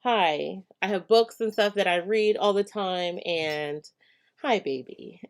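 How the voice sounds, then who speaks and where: A woman's voice: medium pitch, a little slow, clean tone. A woman hosting a casual live stream, reading viewer comments and answering hair care questions in a chatty way with many fillers and frequent laughs.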